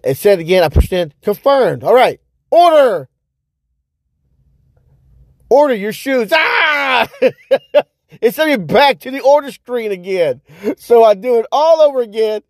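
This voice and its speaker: Guy rambling thru a story on his podcast, kinda high voice, acts out his freakouts loud, real dry close sound. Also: normal speed, creaky, dry recording. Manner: animated, acts out his own past reactions with sudden loud outbursts; rambling with many fillers and repeated words. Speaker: podcast host. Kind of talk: casual storytelling monologue.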